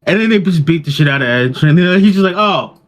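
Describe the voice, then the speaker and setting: A man co-hosts a casual podcast, his fairly high voice swinging animatedly up and down. He jokes and mocks as he acts out other people's lines. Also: expressive, fast talker. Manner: joking, mocking, acts out voices. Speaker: podcast co-host. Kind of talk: casual chat.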